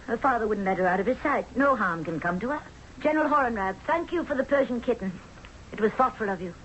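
A proud, imperious queen in an old radio drama, haughty and quick to take offense. Her middle-pitched voice moves widely. The sound is dull and lo-fi, with faint hiss behind her. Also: lively intonation, fairly bright tone. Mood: earnest. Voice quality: haughty, indignant. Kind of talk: 1970s radio drama acting.

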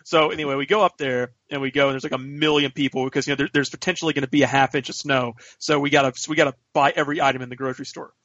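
A man, co-hosting a podcast, telling a story in an animated way and swearing freely. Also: medium pitch, racing, few pauses, no room sound. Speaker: podcast co-host. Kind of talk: casual storytelling chat. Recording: dull lo-fi podcast audio, dry.

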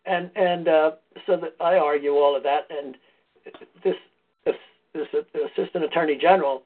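A man's voice: fairly high pitch, fairly even intonation, normal speed, a little hiss or hum. A man, a podcast guest, casually telling a meandering personal story in a conversational way. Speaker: podcast guest, foundation founder. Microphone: phone or call line. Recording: tinny phone-line audio.

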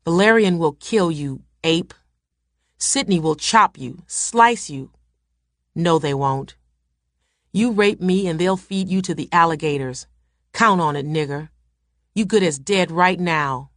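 A young woman in a fury, spitting insults in a voice pushed up above its low, dry base. A woman reads her lines aloud from a novel. The sound is close and dry, with no room around it. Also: unhurried, long pauses, dry recording, natural voice. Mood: furious. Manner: heated, shouting insults. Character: young woman, furious and indignant.

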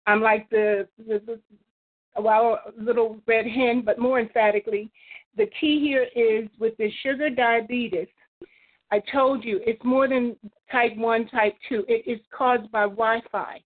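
A woman's voice: on the high side, fairly even intonation, unhurried. A woman calling in to a talk line, rambling and preachy, quoting scripture. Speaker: caller. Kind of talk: phone-in call. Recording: phone line.

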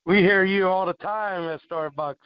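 A man co-hosting a radio talk show and chatting casually, unhurried and chuckling as he banters. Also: high voice, fairly even intonation, clean tone. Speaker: co-host. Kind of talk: casual chat. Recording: dull lo-fi audio.

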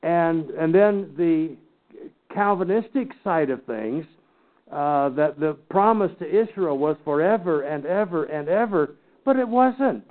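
Bible teacher, man, higher-pitched, folksy teasing lecture, tinny phone-like sound. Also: lively intonation, unhurried. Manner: folksy, teasing asides to the class. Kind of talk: lecture to a class.

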